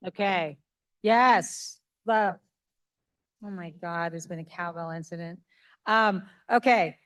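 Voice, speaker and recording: A woman giving a lively, conversational conference talk, asking the audience questions as she presents a workshop. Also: lowish voice, slow pace. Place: conference room.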